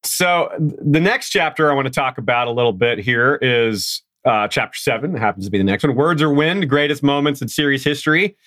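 A man's voice: mid-range voice, brisk, hardly any pauses, a bit bright, no echo. A man hosting a casual podcast interview, enthusiastically speaking straight to his listeners. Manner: enthusiastic, addresses listeners directly. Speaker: podcast host.

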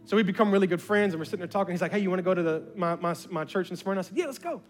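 A male pastor telling a story from the pulpit in an animated way, acting out conversations with bursts of excitement. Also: high-pitched, rapid-fire, soft background music. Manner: animated, acts out dialogue with rising excitement. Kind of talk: sermon storytelling.

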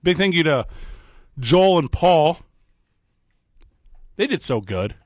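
A man hosting a morning sports talk radio show from a studio, bantering in a quick, joking way. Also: a little high, no echo. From American Midwest. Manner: animated, quick, joking delivery. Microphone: studio microphone.

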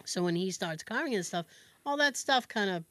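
A woman co-hosting a podcast shares a family story in casual conversation, animated and laughing often as she imitates her relatives' voices. She speaks at a moderate pace in a mid-range voice.

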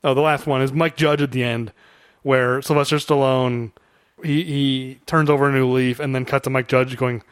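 A man co-hosting a casual film discussion podcast, chatty and quick to laugh as he quotes lines. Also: mid-range voice, steady tone, smooth, no room sound, studio quality. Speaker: podcast co-host.

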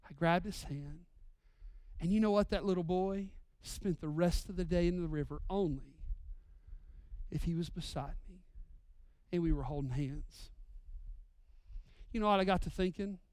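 A man in his thirties delivers a sermon with a smooth, clear voice, heard close and dry. He swings from loud, drawn-out proclamations to hushed, intimate storytelling. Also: high voice, no echo. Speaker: pastor.

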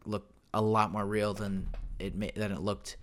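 A man's voice: on the low side, level tone, normal speed. Rambling young man on a podcast mic. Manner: rambling, many fillers and self-corrections. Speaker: podcast host. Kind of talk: casual solo podcast chat. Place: home room. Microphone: desk microphone.

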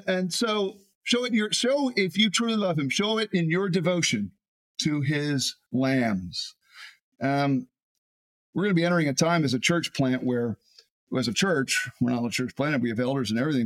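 A man, a pastor, preaching a sermon in an animated way, often repeating words as he builds a point. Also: fairly high pitch.

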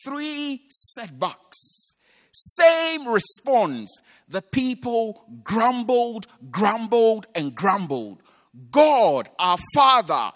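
A high-voiced man preaches with a lively, swooping delivery. He retells a scripture story dramatically and acts out its voices. His voice rings with a long hall reverb. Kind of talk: sermon.

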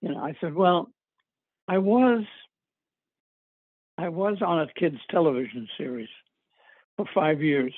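An older man speaks in a somewhat husky, fairly high voice, spinning long anecdotes with lots of uhs and small laughs. The sound is thin and tinny, as over a telephone line, and very dry. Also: dry recording. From New England. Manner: rambling anecdotes with chuckles and filler words. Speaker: guest actor. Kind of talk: casual interview storytelling.

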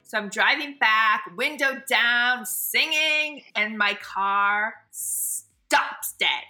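A middle-aged woman co-hosting a podcast, telling a story in a dramatic, animated way and laughing often. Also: on the high side, drawn-out words, faint music behind. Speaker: podcast co-host. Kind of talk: casual chat.

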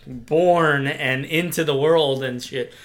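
A young man recaps a strange horror movie with lots of swearing and growing excitement. His voice sits a little high for a man. This is loose, casual podcast chat among friends. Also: takes it slowly. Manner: excitable, profane, animated storytelling. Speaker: podcast co-host.

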